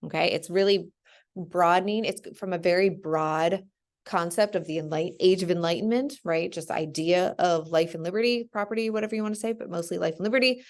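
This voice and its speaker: Young woman teacher, chatty screen-share walkthrough, low and gravelly. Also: brisk. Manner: chatty, full of ums and "right?". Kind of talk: casual screen-share lesson.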